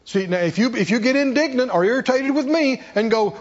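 Delivering a sermon at a fast clip, this preacher uses rhetorical questions, his high, lively voice carrying a husky edge and moving from hushed to loud. The sound is dull, with the long reverb of a big hall.

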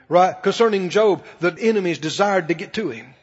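A man's voice: sits high, moderate pace, few pauses, darkish tone, husky. A man preaching a sermon in a folksy, emphatic way, often putting questions to the audience. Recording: dull echoey hall broadcast.

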